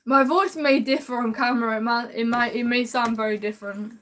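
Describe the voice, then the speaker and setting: A woman's voice: a little high, steady tone, brisk, a bit bright. A woman streaming gameplay live, chatting with viewers in an upbeat way and calling them man and bro. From United Kingdom.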